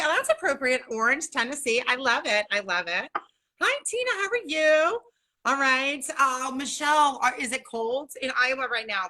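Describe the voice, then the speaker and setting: A woman's voice: high voice, pushed and bright. A chatty, bubbly middle-aged woman from Southern California, hosting a casual livestream from home and greeting viewers by name. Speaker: livestream host.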